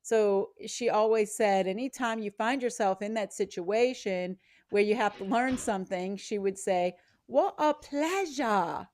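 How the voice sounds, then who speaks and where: A woman's voice: mid-range voice, steady tone, moderate pace, darkish tone. A woman chatting casually on a video call, sharing a story and laughing easily.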